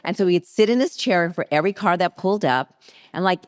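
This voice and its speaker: A middle-aged woman, a podcast guest, telling a story in a lively, casual way and acting out the people in it. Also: fairly low pitch, brisk, smooth. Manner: lively anecdote teller who acts out quoted people.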